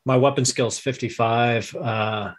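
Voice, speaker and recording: A man playing in a tabletop game, describing his character's actions in a relaxed, matter-of-fact way. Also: medium pitch, unhurried. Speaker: player. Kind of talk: casual tabletop play.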